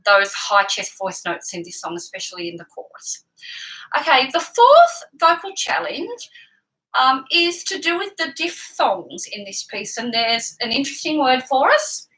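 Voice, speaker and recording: A woman singing teacher who explains technique patiently and clearly, breaking off to sing short examples. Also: sits high, sing-song, measured pace, pushed and bright, poor audio. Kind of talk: vocal lesson with sung demonstrations.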